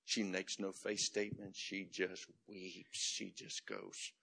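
A man preaching a sermon as pastor, building from quiet reflection to shouted climaxes in a rhythmic, repetitive cadence. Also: sits low, very animated, takes it slowly, creaky, breathy edge.

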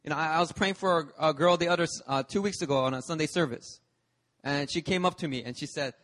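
A man's voice: fairly high pitch, quick pace, fairly bright tone. A man, a pastor, preaching a sermon in an emphatic, storytelling manner at a church service. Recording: long reverb of a church hall.

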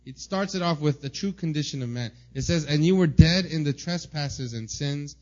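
A man preaching a sermon to a congregation, reading quotations slowly and with emphasis, with the odd "uh" between thoughts. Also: on the high side, muffled recording. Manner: reads quotes slowly and emphatically, with filler "uh".

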